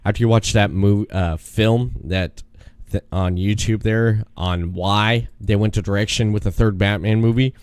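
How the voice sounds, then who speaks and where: Young male caller, low voice, laid-back casual chat, dry sound. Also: steady tone, a little mellow, clear, resonant tone, dry recording. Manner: laid-back, drawn-out, chuckling. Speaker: podcast guest, caller.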